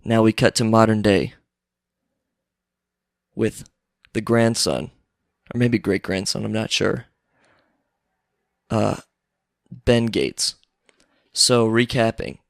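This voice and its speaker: Gravelly-voiced man casually reading a script. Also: lowish voice, animated, slow, long pauses, dry recording, studio quality. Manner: offhand, narrating scene by scene. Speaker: reader. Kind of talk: casual screenplay reading with asides.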